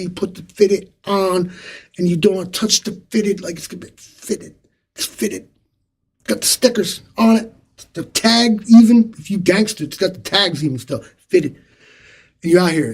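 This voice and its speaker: Male livestream host with a slightly high voice, loose and profane, speaking into a webcam. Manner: rambling, profane, swinging between loud and quiet. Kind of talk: unscripted solo livestream rant.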